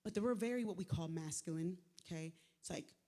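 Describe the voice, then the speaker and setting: A woman giving a live motivational faith talk, conversational and lively, with slangy asides to the crowd. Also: on the low side, fairly quick. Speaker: speaker at a faith event. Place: large venue, live event. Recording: echoey hall with long reverb.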